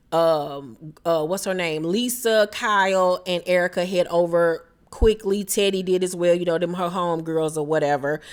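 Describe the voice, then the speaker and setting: A young woman, talking casually on her reality TV recap. Her voice sits low for a woman, and she is blunt and sassy, swears freely, and drops into exaggerated mock reactions. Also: clear, resonant tone. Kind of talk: casual commentary.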